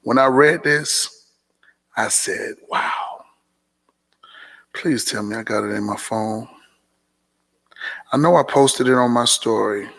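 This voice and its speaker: Preachy man with a gravelly, bright voice. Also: medium pitch, measured pace, long pauses. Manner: preachy, repeats phrases for emphasis. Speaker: motivational vlogger hosting a Q&A. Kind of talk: casual motivational talk. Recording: long hall reverb.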